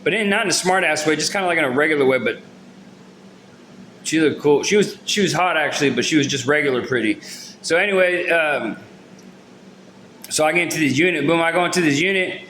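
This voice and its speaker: A man's voice: on the high side, brisk, long pauses, pushed and bright, slight background noise. A man telling a long story from his own life to his viewers in loose slang, rambling and restarting his sentences with lots of fillers. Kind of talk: casual storytelling to camera. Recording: roomy echo.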